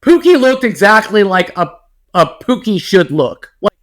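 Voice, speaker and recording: A man co-hosting a podcast, telling a story in a rambling, lively way with many restarts. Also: high voice, normal speed. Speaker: podcast co-host. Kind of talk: casual storytelling chat.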